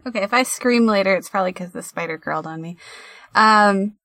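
A woman's voice: medium pitch, fairly quick, a bit bright, no echo. A woman co-hosting a casual podcast, joking around in a playful, scatterbrained way. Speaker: podcast co-host.

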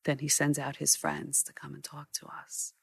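A woman photographer telling stories in an interview, animated and acting out what people said, with frequent restarts. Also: sits low, moderate pace, vocal fry, slightly rough, no room sound, studio quality. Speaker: news photographer. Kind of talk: storytelling in a sit-down interview.

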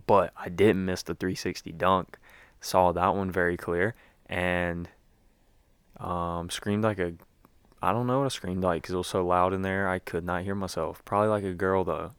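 A man's voice: low-pitched, steady tone, normal speed, clean tone, dry recording. A young man giving a rambling, casual recap as a sports fan, with lots of fillers and restarts.

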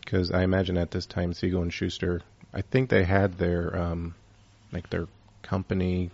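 A man's voice: low voice, flat delivery, moderate pace, gravelly, a little mellow, lo-fi sound. A man hosting a casual chat, rambling with lots of fillers.

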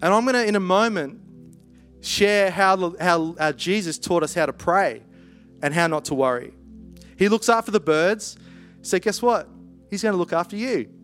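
Aussie guy preaching, chatty and animated, high voice, faint music behind. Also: normal speed. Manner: conversational, animated, playful asides. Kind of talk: sermon.

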